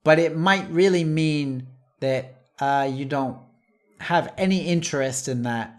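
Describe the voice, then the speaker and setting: A patient English teacher walks learners through everyday expressions, speaking at an unhurried, careful pace. Each example phrase is said slowly and repeated, with the odd light chuckle between points. The voice sits at a middle pitch.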